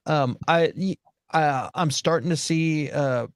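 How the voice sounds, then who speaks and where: A man's voice: a little high, slow pace, dry recording, studio quality. A man co-hosting a casual chat, talking hesitantly with many restarts. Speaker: podcast co-host.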